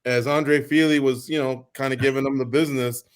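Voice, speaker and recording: A man's voice: mid-range voice, steady tone, brisk, clear, resonant tone. A man hosting a radio show, asking long, winding questions in a chatty way and wrapping up the interview.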